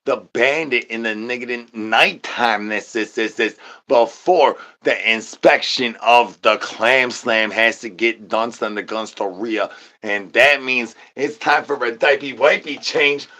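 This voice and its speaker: A man's voice: mid-range voice, a little slow, pushed and bright. A man streamer doing an absurd comedic rant, rambling in nonsense with stuttered repeats and sing-song catchphrases.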